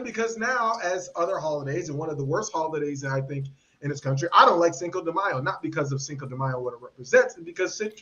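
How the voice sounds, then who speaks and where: On his podcast mic, this host's high voice comes through with lo-fi sound. He offers animated, opinionated takes and performs the voices of anyone he quotes.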